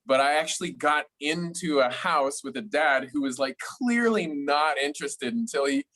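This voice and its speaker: A man hosting a podcast, asking questions in animated casual chat and laughing as he tells stories. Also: a little high, moderate pace. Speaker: podcast host.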